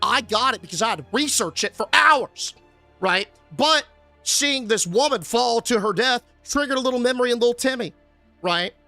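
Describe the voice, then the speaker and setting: A man's voice: very high voice, moderate pace, no echo, soft background music. A male streamer recapping a horror film in a casual, sarcastic rant, cursing now and then. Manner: animated, sarcastic, swears casually.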